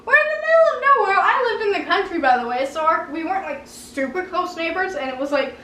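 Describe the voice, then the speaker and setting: A young woman telling a childhood story at home in an animated, dramatic way, often breaking into laughter. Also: very high-pitched, a little fast, few pauses, recorded from a distance, background noise. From Canada. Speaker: vlogger. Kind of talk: story-time vlog. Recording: roomy room, a bit off mic.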